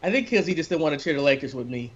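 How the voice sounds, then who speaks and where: A high-pitched man teasing his co-hosts in a casual watch-along chat, throwing questions at them. The recording sounds dull and muffled, with faint noise behind him. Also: expressive, racing. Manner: teasing, asks the others questions. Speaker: co-host.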